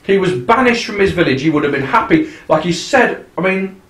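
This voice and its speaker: Podcast co-host, sarcastic chatty film commentary, lively pitch, echoey room. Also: male voice, a little fast. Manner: chatty, sarcastic, doing mock film voices.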